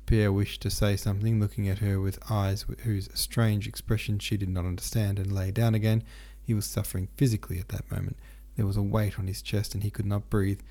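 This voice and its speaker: A man's voice: fairly low pitch, little pitch movement, brisk, few pauses, dark tone. A man narrating a classic novel as an audiobook, reading steadily with occasional stumbles and restarts.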